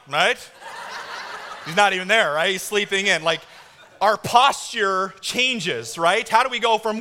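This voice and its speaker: Male pastor in his thirties, sermon delivery, bright forceful tone, long hall reverb. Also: sits high, measured pace, slight background noise. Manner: animated storytelling with shouted kid impressions. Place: church auditorium.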